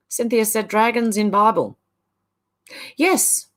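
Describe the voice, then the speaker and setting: A woman's voice: a little high, animated, slow pace, long pauses. Chatty woman reading live chat aloud. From Ireland. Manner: chatty, laughs often, sing-song reading of chat comments. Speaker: livestream host. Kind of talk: casual livestream chat, reading comments aloud.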